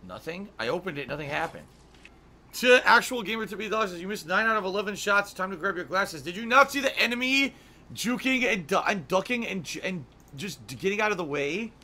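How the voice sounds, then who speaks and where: Guy streaming a game live, bright kinda high voice, keeps getting annoyed and cussing. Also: rough recording. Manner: frustrated, swearing, exclamatory. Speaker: gaming streamer. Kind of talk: live gameplay commentary.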